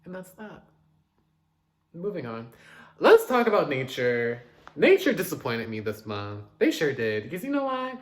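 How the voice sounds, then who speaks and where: A man casually reviewing new pop releases, chatty and dramatic, with quick asides and loud outbursts. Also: fairly high pitch, huge pitch swings, slight background noise. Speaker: music reviewer.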